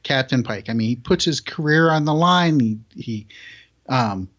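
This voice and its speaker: A man co-hosting a podcast, talking in a relaxed, unhurried casual way. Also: medium pitch, highs cut off. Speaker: podcast co-host. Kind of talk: casual chat.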